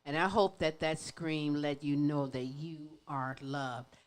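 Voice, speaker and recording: A woman's voice: sits low, fairly even intonation, slow. A woman hosting an interview who responds with sympathy and emphatic reassurance. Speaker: talk show host.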